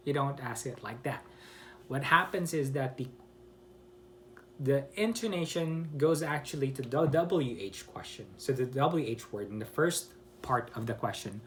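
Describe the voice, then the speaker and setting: A man teaching English pronunciation over the internet explains things slowly, pausing and fixing his wording, and plays out example questions with exaggerated rising and falling intonation. His tone is fairly bright, with a little hiss or hum present.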